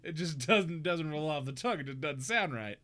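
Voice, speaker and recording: A man's voice: fairly high pitch, expressive, fairly quick, a bit bright. A man hosting a live stream, chatting casually with a rambling, laughing manner. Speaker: streamer and show host.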